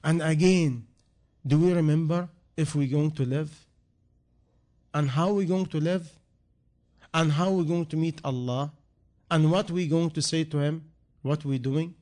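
A man's voice: fairly high pitch, a little slow, pauses often, mellow. Earnest preaching man. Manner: earnest, repetitive rhetorical questions, non-native grammar. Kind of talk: sermon.

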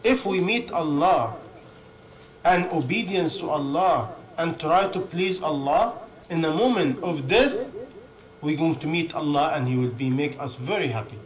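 A man with a fairly high voice delivers a sermon in non-native English. He hammers home each point with long lists and quick rhetorical questions, then answers them himself. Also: expressive, poor audio. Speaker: preacher.

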